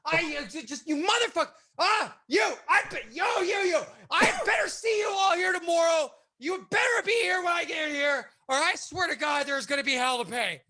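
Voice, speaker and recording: Raging, profane male shop owner, high and shouting, as a man puts him on. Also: lively intonation, moderate pace, hardly any pauses, exaggerated voice. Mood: screaming. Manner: shouting, profane, sputtering rage. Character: furious ranting male shop owner, explosive temper.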